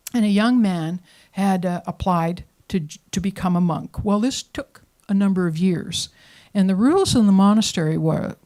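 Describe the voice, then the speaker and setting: A woman telling a story live to an audience, with dramatic pacing and hushed moments for suspense. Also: mid-range voice. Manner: lively, dramatic pacing, drops to whispers for suspense. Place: performance venue showroom.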